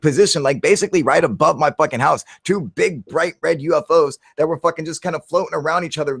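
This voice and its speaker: Excitable, profane man talking dude-speak. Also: on the high side, creaky, dry recording, clean studio sound. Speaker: channel host on a livestream. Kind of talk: casual live chat.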